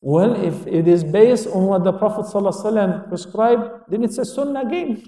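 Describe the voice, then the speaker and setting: Speaking quickly in a high, mellow voice, an Islamic lecturer addresses an audience, asking questions only to answer them himself and citing Arabic quotations. The recording is from an echoey hall, with him far from the microphone.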